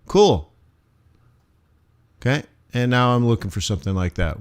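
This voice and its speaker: A man teaching forex on a live stream, thinking aloud over charts with playful asides and sudden animated bursts. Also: medium pitch, normal speed, clean tone. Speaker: forex trading instructor. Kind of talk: live trading stream commentary.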